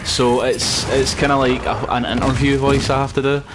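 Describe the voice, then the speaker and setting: A man's voice: mid-range voice, flat delivery, moderate pace, noisy background. A Scottish man chatting loosely while streaming a video game, rambling with lots of fillers. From Scotland. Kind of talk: casual gameplay commentary.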